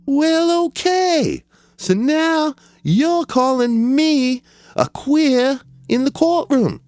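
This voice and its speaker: A man voicing a crude, taunting male defendant who yells at the judge, in a dramatic reading of a trial transcript. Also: very high-pitched, expressive, extremely slow, no echo, clean studio sound, pitched above the performer's own voice, heavily acted. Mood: mocking. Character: loud defiant male defendant in court.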